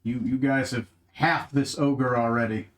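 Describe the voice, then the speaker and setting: A man's voice: mid-range voice, fairly even intonation, measured pace. A man running a tabletop game as game master, narrating in a laid-back, jokey way.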